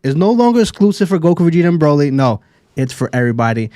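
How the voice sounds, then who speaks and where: A man's voice: on the high side, big pitch swings, fast talker, warm tone, no room sound. Man, casual anime chat, exasperated ranting, profane, dry close sound.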